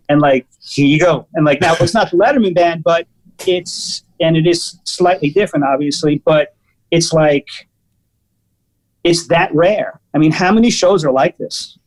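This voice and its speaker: High-voiced man telling casual stories. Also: normal speed, rough recording. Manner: animated, lots of fillers and restarts. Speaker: guest musician. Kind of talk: casual storytelling chat.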